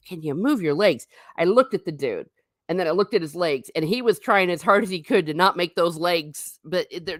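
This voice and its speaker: A middle-aged woman hosts a livestream, chatting casually, rambling and reading out comments from chat, her pitch swinging animatedly. The sound is studio quality with no echo.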